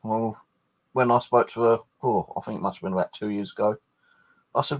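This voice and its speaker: A man's voice: lowish voice, brisk. A man hosting a paranormal channel, chatting casually and rambling, swearing freely as he talks. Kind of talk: casual late-night chat.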